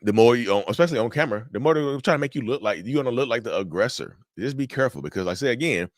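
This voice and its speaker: A man's voice: mid-range voice, animated, racing, dry recording, studio quality. A man hosting a mental health channel, giving casual, repetitive advice straight to viewers. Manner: direct, repetitive, addresses viewers as y'all.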